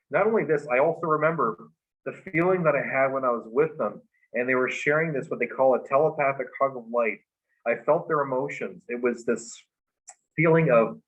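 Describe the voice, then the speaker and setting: A man, a guest in an interview, telling a long personal story, halting with many fillers and restarts and laughing along. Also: mid-range voice, fairly bright tone, highs cut off.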